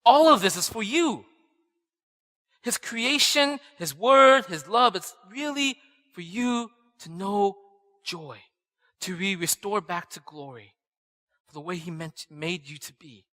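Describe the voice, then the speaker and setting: Bright-voiced pastor in a reverberant hall. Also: male voice, sits high, expressive, slow pace. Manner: chatty storytelling, often asks "right?". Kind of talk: conversational sermon. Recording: long reverb in a church hall.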